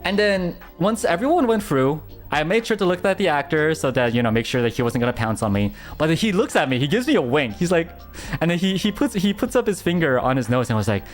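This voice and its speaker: Young man, streamer, casual storytelling, lively swooping pitch, slightly high voice, stammers and restarts, faint music behind. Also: quick pace. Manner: animated, stammering restarts, frequent laughter.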